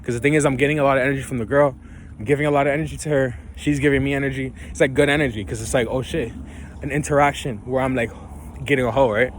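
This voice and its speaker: A man's voice: mid-range voice, fairly even intonation, rapid-fire, slight background noise. A young man vlogging in a loose, profane monologue, laughing now and then and tagging his points with "right?". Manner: profane, ends phrases with "right?"; loose, laughing, preachy about self-belief. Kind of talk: casual rambling monologue.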